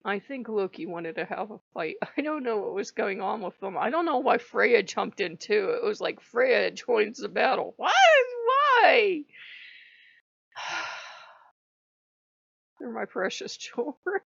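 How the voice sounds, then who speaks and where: A woman's voice: medium pitch, expressive, moderate pace, creaky, few pauses, no echo, dull audio. A woman hosting a casual storytelling vlog, chatty, laughing often and acting out bits of dialogue. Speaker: channel host.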